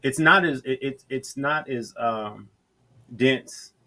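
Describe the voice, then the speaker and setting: A man's voice: mid-range voice, takes it slowly, bright, forceful tone. A middle-aged man from Georgia telling his story in a casual interview, talking unhurriedly with frequent restarts. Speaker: interview guest.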